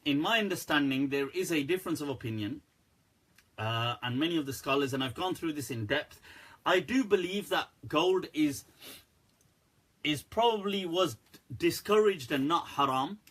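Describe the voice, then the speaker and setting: Animated, husky man answering questions. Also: a little high, normal speed. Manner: candid, animated, laughs often. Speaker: Islamic scholar answering viewer questions. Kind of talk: live Q&A stream.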